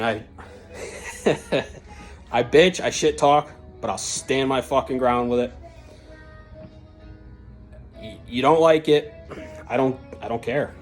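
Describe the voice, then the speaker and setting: Sweary fired-up rant vlogger. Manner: heated, sweary, blunt; jumps from shouty peaks to low grumbling. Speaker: truck channel vlogger. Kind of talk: angry profane rant to camera.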